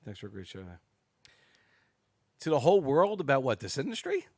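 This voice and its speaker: A man's voice: fairly high pitch, a little fast, no echo, clean studio sound. A man guest on a podcast, chatting casually and telling rambling stories with plenty of swearing. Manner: excitable, rambling storyteller who swears freely. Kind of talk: casual chat.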